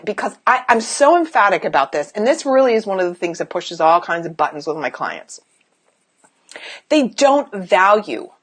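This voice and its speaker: A woman coach delivers a blunt motivational talk, swearing freely and pushing the listener with rhetorical questions. Her voice sits a little high and swings widely in pitch, animated and emphatic throughout. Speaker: business coach. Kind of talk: motivational direct-to-camera talk.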